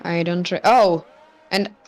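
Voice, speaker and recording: A woman's voice: lowish voice, steady tone, slow pace. A woman co-commentating an online sim race on a stream, chatty and teasing. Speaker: co-commentator and steward. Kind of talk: casual sim racing commentary.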